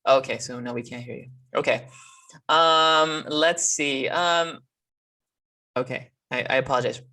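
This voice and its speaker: A male instructor in a mid-range voice runs an online class. He talks haltingly, with many fillers and restarts. He is heard over a video call. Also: mid-range voice, steady tone, sharp tone.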